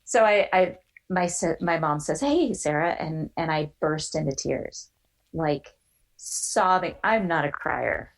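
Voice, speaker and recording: A woman in her forties telling a personal story as a podcast guest, animated and quick to act out the voices of others. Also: deep voice, vocal fry, poor audio.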